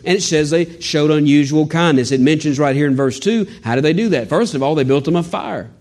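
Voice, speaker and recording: A man's voice: a little high, fairly quick, few pauses. Folksy preacher man. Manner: folksy, animated preaching with joking asides. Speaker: pastor. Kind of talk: sermon.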